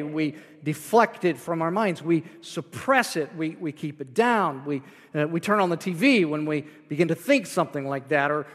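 A man's voice: fairly high pitch, big-room sound. A man preaching a sermon as pastor, explaining scripture line by line with frequent restarts.

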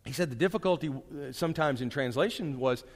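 A man teaching a Bible class in a casual, conversational way. He is animated and digressive, with frequent asides and restarts. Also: a little high, fairly quick, in a large hall.

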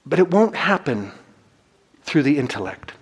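A man preaching a sermon in a measured, reflective way, then reading a story aloud. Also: a little high, big pitch swings, slightly rough. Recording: reverberant hall.

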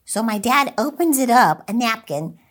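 Lively, animated woman telling stories. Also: a little high, moderate pace. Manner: animated, excitable storyteller who laughs often. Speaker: inspirational speaker and channel host. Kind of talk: motivational talk with storytelling.

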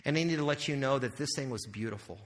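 A man's voice: medium pitch, quick pace. A male pastor preaching a sermon in a conversational way, asking the audience questions and making joking asides. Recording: long hall reverb.

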